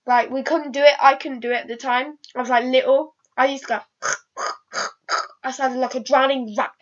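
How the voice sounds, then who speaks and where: On a dull, lo-fi recording, a woman with a fairly high voice rambles through a casual vlog at a fairly quick clip. Her tone stays steady, but she keeps halting to restart sentences, scattering ums and uhs throughout.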